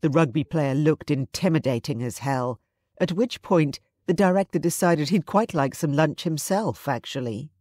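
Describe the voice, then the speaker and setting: A woman's voice: low voice, expressive, normal speed, warm tone, no echo. Female audiobook narrator, dry sound. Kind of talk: scripted narration.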